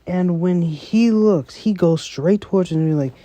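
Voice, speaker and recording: A man's voice: high-pitched, moderate pace, few pauses, warm tone, no room sound, highs cut off. A man casually retelling a story in a rambling way, filling his talk with "like" and "you know" and slang. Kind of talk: casual spoken recap.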